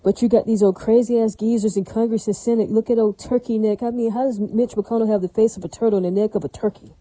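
A woman rants her way through a loose solo monologue, circling back and checking again and again that her point lands. Her voice is deep in tone and mellow, with a husky, breathy grain. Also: fairly even intonation, quick pace, no echo, rough recording. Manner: ranting, repetitive, asks "does that make sense?". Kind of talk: rambling monologue.

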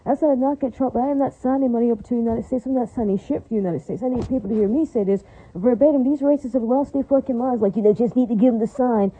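A woman's voice: on the high side, fast, mellow, slightly rough. A woman delivering an angry, repetitive, profane rant to her viewers in a vlog. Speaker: vlogger. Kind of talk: ranting vlog monologue. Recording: dull lo-fi recording.

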